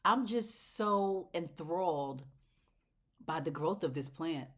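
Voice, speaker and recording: A woman hosting a casual plant vlog, talking straight to her viewers in a chatty, heartfelt way, swinging between loud exclamations and soft near-whispers. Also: deep voice, lively intonation, slow. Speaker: plant channel host.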